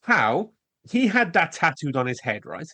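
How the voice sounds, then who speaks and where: A man with a somewhat high voice co-hosts a casual film podcast. He sounds sarcastic and incredulous and swears now and then. The recording is close and dry. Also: very animated, measured pace, bright, forceful tone, no echo. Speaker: podcast co-host. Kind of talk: casual film review chat.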